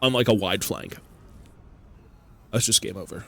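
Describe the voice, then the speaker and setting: A man streaming, giving relaxed, offhand commentary on a game with casual fillers. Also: on the low side, a little slow, vocal fry, breathy edge.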